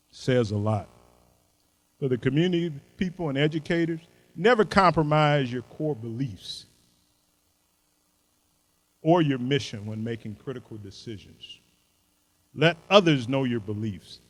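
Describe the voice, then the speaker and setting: Brief: older male keynote speaker, folksy and emphatic, animated delivery. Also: mid-range voice, a little slow, pauses often, poor audio. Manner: punchy short maxims. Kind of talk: motivational speech.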